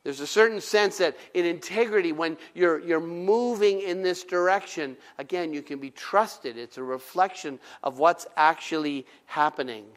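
A middle-aged man preaching with a fairly high, lifted voice. He tells his points as stories and acts out the dialogue himself. He drops in conversational asides to the congregation. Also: normal speed, hardly any pauses. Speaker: pastor. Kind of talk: sermon.

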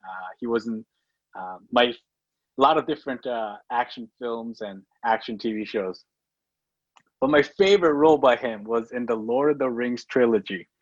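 A man's voice: medium pitch, moderate pace, no room sound. Self-mocking man preaching, lo-fi. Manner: self-deprecating storytelling with many fillers. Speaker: pastor. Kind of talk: sermon. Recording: dull lo-fi recording.

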